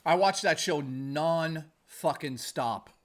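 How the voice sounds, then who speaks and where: A man's voice: fairly high pitch, takes it slowly. A man streaming live, chatting casually and ramblingly with viewers, swearing often and calling them dude and guys. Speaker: gaming streamer.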